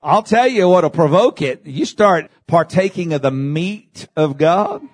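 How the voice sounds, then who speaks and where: Animated male preacher with soaring pitch. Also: measured pace, breathy edge. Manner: preaching with big swings in pitch, shouting at peaks; addresses congregation with calls of amen. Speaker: pastor. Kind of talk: sermon.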